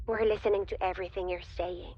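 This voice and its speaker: An actress playing a naive, earnest alien crew member who talks in a literal-minded way, from a dull-sounding film clip. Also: female voice, mid-range voice, steady tone, fast talker, slightly rough, close to an everyday voice.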